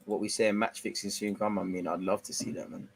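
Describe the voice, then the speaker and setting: A young man hosting a live football watch-along, slangy banter between bursts of excited play-by-play. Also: fairly low pitch, brisk, vocal fry, a little hiss or hum.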